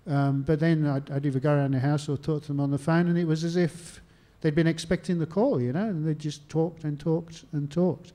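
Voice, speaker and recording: A man's voice: a little high, steady tone, brisk, dark tone. An Australian man, a historian and author, answering interview questions with anecdotes and self-deprecating humour, acting out phone calls as he goes. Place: stage talk at a literary venue.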